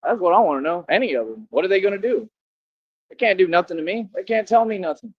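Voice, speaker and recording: A man's voice: high-pitched, animated, fast, highs cut off, slight background noise. A man vlogging outdoors, boasting and confronting his viewers in slang-heavy street talk.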